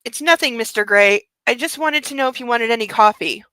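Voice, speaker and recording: A nervous female office assistant speaks carefully and politely to her boss, as a reader voices her. Her voice is bright and fairly high, dry and close to the mic. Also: a little fast, smooth, no echo. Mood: wary.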